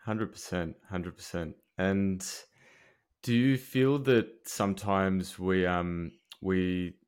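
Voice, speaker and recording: A man hosts a casual podcast chat in a somewhat low voice. He speaks earnestly and often stops and restarts his sentences. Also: a little mellow, smooth. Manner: earnest, halting, many restarts. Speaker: podcast host.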